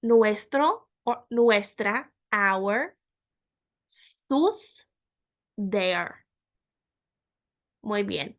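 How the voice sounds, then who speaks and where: A woman teaching a Spanish lesson, saying each word slowly and repeating it for learners. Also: medium pitch, animated, fairly bright tone. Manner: slow and deliberate, repeating words for learners. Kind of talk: language lesson.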